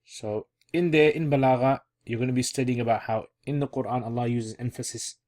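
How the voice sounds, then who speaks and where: A man gives an online Arabic grammar lesson in a relaxed, conversational way. His voice sits at a middle pitch, and he restates key terms and thinks aloud as he explains. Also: brisk.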